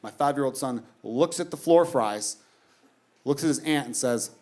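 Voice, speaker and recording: A man's voice: mid-range voice, normal speed. A man in his thirties doing a stand-up routine on stage, telling stories about his kids with plenty of swearing and acted-out dialogue. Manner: animated storytelling, swearing, acts out his kids. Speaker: stand-up comedian. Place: comedy stage before a laughing audience.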